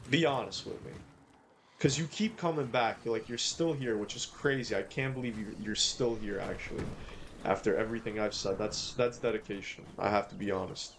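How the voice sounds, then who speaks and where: A man's voice: medium pitch, slight background noise. A man live-streaming a game, ranting and swearing as he talks to his chat. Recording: game music behind.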